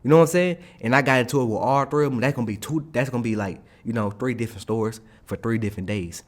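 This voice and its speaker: A young man casually telling a story in an animated, slangy way, often checking in with his listeners. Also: medium pitch, fast. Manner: animated, slangy, keeps asking "you hear me?". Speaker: streamer.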